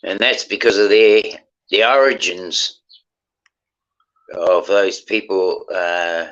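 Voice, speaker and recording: A man's voice: low-pitched, steady tone, slow, fairly bright tone. A man talking casually on a stream, rambling and restarting as he thinks aloud. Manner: rambling, restarts often, reflective. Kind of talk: casual chat. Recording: dull lo-fi stream audio.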